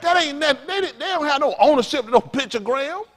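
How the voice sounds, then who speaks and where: Man, pastor, informal sermon, slangy, lively swooping pitch. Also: a little fast. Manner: animated, slangy, laughs through a funny story. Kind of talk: informal sermon teaching with storytelling.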